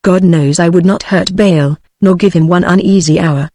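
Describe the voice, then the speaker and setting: A British woman text-to-speech voice reading the part of a gentle, feeble and miserable young man, without changing voice. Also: on the low side, fairly even intonation, moderate pace, dry recording, studio quality. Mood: pleading. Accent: British English. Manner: plain synthetic reading, no change of voice.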